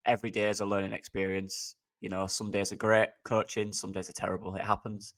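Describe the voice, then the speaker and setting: A man with a lowish voice talks football as a podcast co-host. He sounds upbeat and chatty and keeps calling his friend mate. He is relaxed and easygoing. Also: brisk. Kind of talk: casual football podcast chat.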